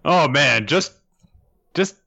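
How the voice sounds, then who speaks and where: Brief: man, bright, animated co-host, close dry sound, jokey. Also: on the high side, slow, creaky, dry recording, highs cut off. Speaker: podcast co-host. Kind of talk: casual chat.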